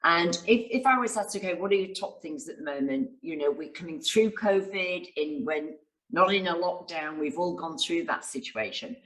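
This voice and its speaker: Female success coach, low register, enthusiastic storyteller. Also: lively intonation, moderate pace, a bit bright, low-quality recording. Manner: enthusiastic, storytelling, acts out quotes. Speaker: guest speaker and success coach. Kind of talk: interview answers.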